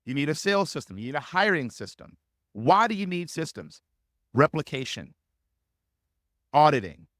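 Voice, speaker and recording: A man's voice: on the high side, very animated, brisk, a bit bright, no room sound, studio quality. A man teaching sales as a coach in a live webinar, speaking emphatically and repeating key phrases to drive points home.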